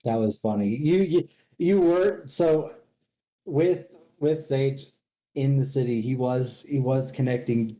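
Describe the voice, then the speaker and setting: A man chatting casually as a guest, amused and halting, often repeating his words. His voice is deeply dark and mellow, at an ordinary pitch. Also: rough recording. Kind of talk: casual chat.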